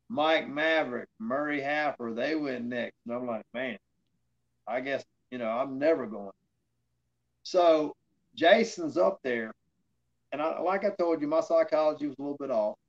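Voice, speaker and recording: Through dull audio comes a mid-range male voice: a former wrestler telling rambling stories in a casual interview. He fills them with fillers and acts out what people said to him.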